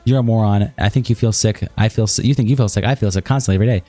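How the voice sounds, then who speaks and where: A man's voice: lowish voice, racing, dark tone, faint music behind. A man streaming, rattling off both sides of a heated text argument aloud with little acting. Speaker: streamer reading a document aloud. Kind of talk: rapid reading aloud of a chat log.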